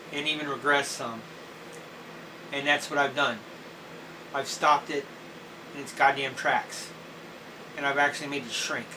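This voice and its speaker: A man in a personal video diary, talking haltingly with many fillers and clearing his throat and coughing now and then. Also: medium pitch. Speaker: vlogger. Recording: slightly distant mic with faint noise.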